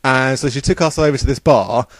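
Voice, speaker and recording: Talking fairly quickly in a medium-pitched voice, a young man tells the story of a trip for his travel vlog. His manner is relaxed, cheerful and rambling, with lots of fillers. No echo can be heard.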